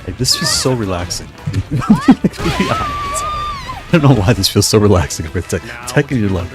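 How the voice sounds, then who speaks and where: A man chatting casually with his live-stream viewers while playing, thinking aloud with many restarts, his voice slightly hoarse. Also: lowish voice, lively intonation, fast, over music.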